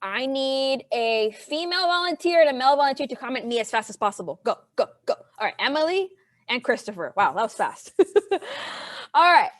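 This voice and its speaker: Lively, chatty woman teaching an online class. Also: high voice, brisk, no room sound. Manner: chatty, animated and playful with students. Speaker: history teacher. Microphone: video call.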